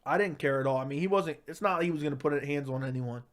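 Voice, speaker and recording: Man, casual storytelling, deadpan bravado, slightly high-pitched. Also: fast. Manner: deadpan tough-guy bravado, lots of "right?" and "like". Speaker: comedic storyteller.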